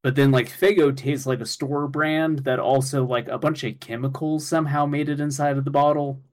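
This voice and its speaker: A man's voice: a little high, steady tone, normal speed. A man co-hosting a casual comedy chat, rambling goofily with lots of filler words. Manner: rambling, goofy, fond of filler likes. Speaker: podcast co-host.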